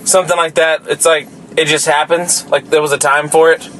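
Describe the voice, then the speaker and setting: A man's voice: a little high, little pitch movement, brisk, fairly bright tone, a little hiss or hum, low-quality recording. A young man with a Southern US accent co-hosting a podcast in casual chat, rambling and profane, often trailing off and restarting. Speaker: podcast co-host.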